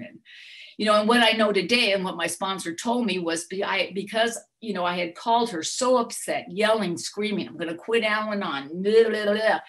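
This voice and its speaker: A woman's voice: on the low side, a bit bright. A middle-aged woman telling a candid personal recovery story, acting out her own outbursts as she goes. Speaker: workshop speaker sharing her story.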